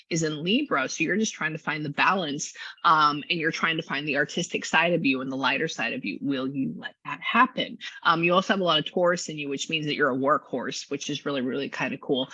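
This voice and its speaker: A woman psychic giving a casual reading, chatty and quick to act out what people say in lively voices. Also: low voice, husky, dry recording. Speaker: psychic medium and astrology reader. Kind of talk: casual one-on-one reading session. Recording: dull lo-fi sound.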